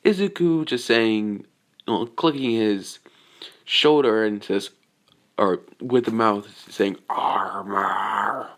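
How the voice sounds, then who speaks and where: A man with a fairly low voice casually retelling a fan scenario. He rambles, restarts, and leans on "like" and "you know" as he goes. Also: slow. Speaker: storyteller.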